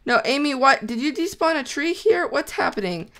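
A woman chatting casually while playing a video game with a friend, animated and prone to shrieks when startled. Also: high-pitched, moderate pace. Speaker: co-host of a gaming let's play. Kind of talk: casual gameplay chat.

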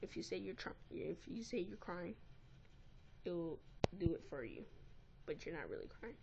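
Excitable gamer woman, lively lo-fi voice. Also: on the low side, normal speed, vocal fry, background noise. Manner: excitable, easily exasperated. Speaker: gameplay recorder. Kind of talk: casual gameplay commentary. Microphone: tablet built-in mic.

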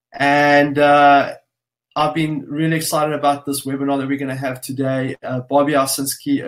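A man hosting a live webinar, greeting viewers by name and place in an upbeat, casual way. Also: medium pitch. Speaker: webinar host.

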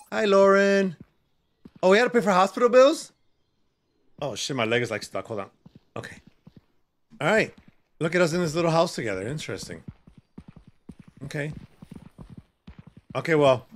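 Excitable man streaming a game, lively pitch. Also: a little hiss or hum. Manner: excitable, yelps and shouts in panic. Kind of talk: live gameplay commentary.

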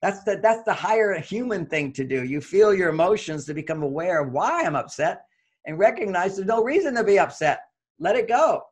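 A man's voice: sits high, expressive, fairly quick, breathy edge. A man who is a relationship therapist, explaining emotions in an earnest advice talk and repeating his key phrases.

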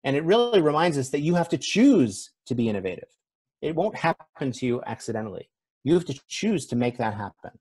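A man's voice: mid-range voice, sing-song, brisk, darkish tone, slightly rough. A man speaking as a conference speaker in a conversational, self-deprecating keynote, with frequent fillers. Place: event stage.

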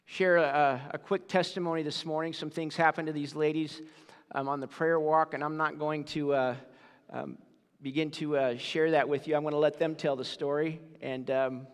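A man leading a church service as pastor, speaking in a relaxed, informal way with fillers. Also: fairly high pitch, in a large hall. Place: church sanctuary.

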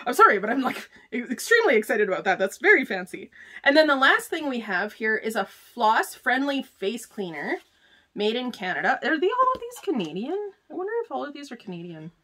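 A bubbly woman vlogger talks her way through a beauty subscription box in a casual chat to camera. Her voice sits a little high and swoops animatedly, and she gushes excitably over each item. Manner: gushing, excitable, chatty with frequent "like" and "oh my gosh".

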